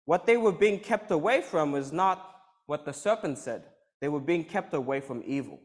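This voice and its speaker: A man gives a sermon with a somewhat raised pitch. He reads a scripture passage and then explains it in his own words. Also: animated, normal speed. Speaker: preacher.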